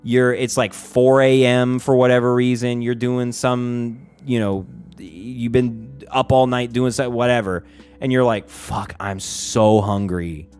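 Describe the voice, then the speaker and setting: A man talks off the cuff on a livestream in a mid-pitched voice. He rambles, swears often and fills his sentences with "like", circling back to restart his thoughts. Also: flat delivery, a little slow, a little mellow, clear, resonant tone, faint music behind. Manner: rambling and profane, heavy use of "like". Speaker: streamer. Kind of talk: casual livestream chat.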